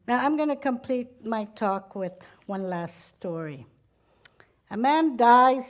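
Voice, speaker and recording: A woman's voice: fairly high pitch, a little mellow. A woman giving a talk at a spiritual community, telling stories and laughing at her own jokes. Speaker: speaker at a spiritual center.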